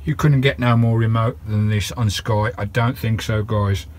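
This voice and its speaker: A man's voice: on the low side, fairly even intonation, normal speed. A British man vlogging casually from inside his camper van, chatting and swearing lightly. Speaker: vanlife vlogger. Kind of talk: casual vlog chat.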